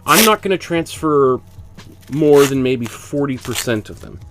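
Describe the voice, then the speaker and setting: A man with a stuffy, congested voice leads a casual painting lesson. He chats along in a mid-pitched voice and explains each step as he goes. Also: lively intonation, a little slow, background noise. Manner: chatty, explains step by step while working. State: congested with a cold. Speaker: art instructor.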